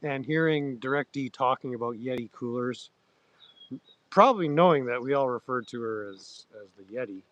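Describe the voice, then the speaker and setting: A man hosting a livestream, chatting loosely to viewers with crude slang, halting restarts and frequent throat-clearing. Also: medium pitch, fairly bright tone, dry recording, dull audio. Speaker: livestream host. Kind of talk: rambling casual chat to viewers.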